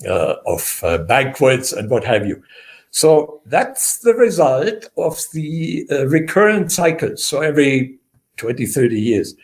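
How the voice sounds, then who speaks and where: Man speaking slowly, with many pauses. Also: mid-range voice, sing-song. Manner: measured, many filler pauses. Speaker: historian guest. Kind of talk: unscripted interview.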